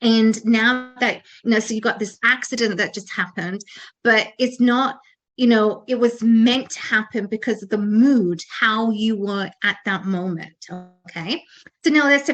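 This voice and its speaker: A woman's voice: fairly high pitch, fairly bright tone. A woman co-hosting a talk show, giving an earnest motivational talk with frequent restarts and fillers. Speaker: podcast co-host.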